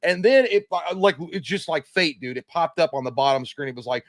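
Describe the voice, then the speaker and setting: Fast-talking, foul-mouthed male co-host. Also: a little high, lively intonation, dry recording, clean studio sound. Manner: fast, profane, exasperated ranting. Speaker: podcast co-host. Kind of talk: casual live chat, venting.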